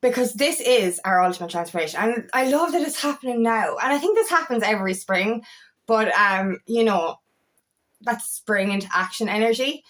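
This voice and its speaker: A woman's voice: fairly high pitch, expressive, moderate pace, fairly bright tone. A woman from Ireland with a Kerry accent, talking passionately as a spiritual coach, cursing often and then apologizing. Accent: Irish, Kerry. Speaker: feminine empowerment coach. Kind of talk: casual spiritual vlog monologue.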